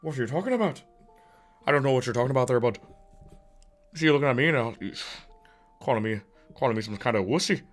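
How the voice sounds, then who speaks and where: A man's voice: mid-range voice, animated, fast talker, long pauses, soft background music, natural voice. A man voicing a cocky, swaggering tough guy who makes mock threats.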